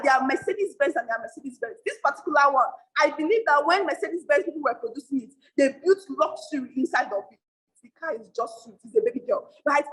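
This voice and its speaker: High-voiced, fast young Nigerian woman. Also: a bit bright, rough recording. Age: young adult. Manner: emphatic, repeats lines for effect. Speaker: motivational speaker. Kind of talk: motivational talk to an audience.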